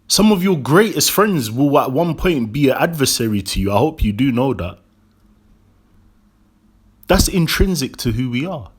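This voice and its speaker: A man hosting his own vlog, delivering a preachy monologue that repeats key lines slowly and keeps asking "right?". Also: mid-range voice. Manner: tags statements with "right?". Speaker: vlog host.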